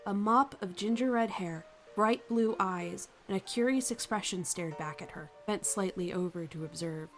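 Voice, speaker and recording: Woman reading her fan story out loud, calm and even. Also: mid-range voice, faint music behind. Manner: calm, measured narration. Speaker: narrator.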